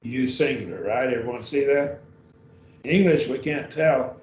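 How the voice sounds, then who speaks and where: A man's voice: mid-range voice, normal speed, a little mellow. A man teaching a beginning Greek class at a church, patient and often checking whether students follow. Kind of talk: classroom lesson. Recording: dull roomy sound from far off.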